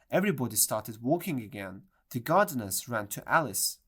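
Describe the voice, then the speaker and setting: A reader narrating a storybook in a clear, measured way. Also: medium pitch, big pitch swings, a bit bright. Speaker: audiobook reader.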